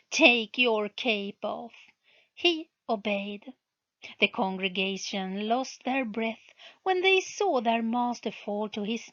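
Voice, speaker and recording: A woman narrating a book aloud, reading slowly and carefully. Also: mid-range voice, fairly bright tone, dull audio. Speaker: reader, channel host. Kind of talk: storybook narration.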